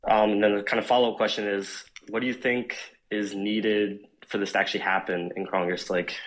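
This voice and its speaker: A male caller with a low-pitched voice, dialing in to a talk show with questions. He is polite and somewhat awkward. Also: little pitch movement, a little fast, rough recording. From North Carolina, US. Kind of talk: casual call-in question.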